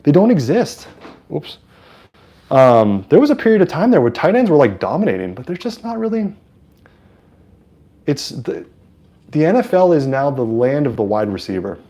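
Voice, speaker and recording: Mellow-voiced man chatting through a football game. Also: a little high, normal speed, pauses often. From San Francisco. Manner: chatty and excitable, with frequent fillers. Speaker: livestream host. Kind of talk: casual live sports commentary.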